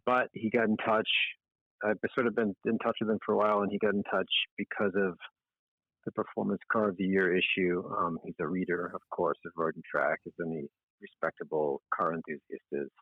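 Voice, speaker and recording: A middle-aged man chats as a podcast guest, rambling in a friendly, self-deprecating way. His voice sits a little low and comes through a dry, tinny phone-like line. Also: flat delivery, brisk, dry recording. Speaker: magazine editor-in-chief, guest. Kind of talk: casual interview talk.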